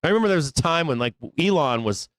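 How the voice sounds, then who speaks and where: On his live trading show, the host rambles casually and swears plenty while making blunt, emphatic calls. He sounds a little high and animated, talking fast on a dry recording.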